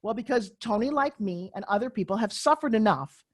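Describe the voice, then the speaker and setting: A middle-aged woman, a guest on a podcast interview, speaking as an emphatic, energetic motivational speaker. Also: a little high, brisk.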